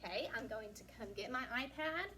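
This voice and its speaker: A woman teacher giving a recorded lesson to young children, patient and encouraging, asking questions and pausing for answers. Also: a little high, lively intonation. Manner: slow, patient, encouraging, asks questions and pauses. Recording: distant mic, faint room noise.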